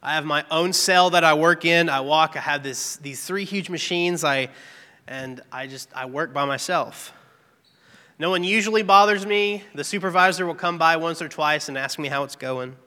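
In an echoey hall with long reverb, a man gives an earnest, candid devotional testimony, sharing a personal story about his work. His voice is fairly high and sharp, at a moderate pace.

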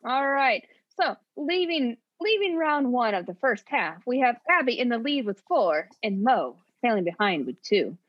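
A woman's voice: a little high, big pitch swings, normal speed, few pauses. Chatty woman on a dull lo-fi recording. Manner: chatty and playful, with frequent laughs. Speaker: podcast co-host. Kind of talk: casual book chat.

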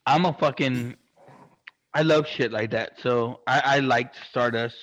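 An excitable man talking casually and swearing at every turn, rambling through loads of fillers. His voice sits in an ordinary middle pitch. The recording is dull and lo-fi, with a dry, close sound. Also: measured pace, no room sound. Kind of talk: casual chat.

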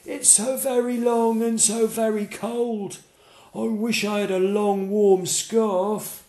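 A man's voice: level tone, warm tone, reverberant. Man doing a sad shivering giraffe. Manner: high, slow, plaintive. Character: cold sad giraffe with a long neck.

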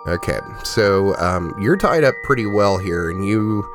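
A man narrating a tabletop game as game master, relaxed and full of fillers. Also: fairly low pitch, unhurried. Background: music.

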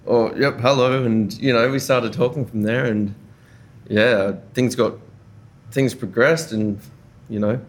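Easygoing Australian man, low voice. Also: a little slow, long pauses. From Brisbane, Australia. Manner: easygoing and chatty, with relaxed slang and frequent fillers. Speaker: chef and podcast guest. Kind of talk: casual conversational interview.

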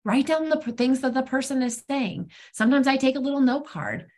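A middle-aged woman speaking frankly at an online recovery meeting, talking in a loose, conversational way with many pauses and fillers. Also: high-pitched, darkish tone. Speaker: twelve-step meeting speaker. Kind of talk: personal sharing at a recovery meeting. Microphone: online meeting call.

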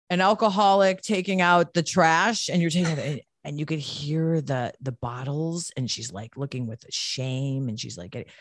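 A woman's voice: low voice, no room sound, studio quality. A woman hosting a casual recovery podcast, joking, swearing and teasing herself as she chats with her guest. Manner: joking, profane, self-deprecating. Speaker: podcast host.

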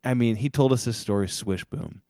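A man's voice: medium pitch, moderate pace, mellow, no room sound, clean studio sound. A man co-hosting a podcast in casual chat, rambling as he tells stories with many fillers and restarts. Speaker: podcast co-host.

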